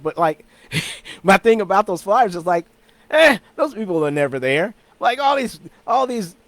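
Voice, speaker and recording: A man's voice: fairly high pitch, fairly bright tone, dry recording. A man hosting his own weekly talk show, chatting casually in an easygoing, rambling way with frequent restarts and repeated words. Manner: chuckles between thoughts. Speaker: host of a weekly talk stream.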